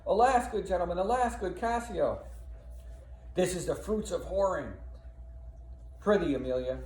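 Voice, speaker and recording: A man's voice: medium pitch, expressive, moderate pace, darkish tone, voice pushed up, natural voice. A man voicing a scheming male villain who feigns concern, declaiming verse. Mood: falsely concerned. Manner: declaiming verse with false sympathy. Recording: echoey room, faint background noise.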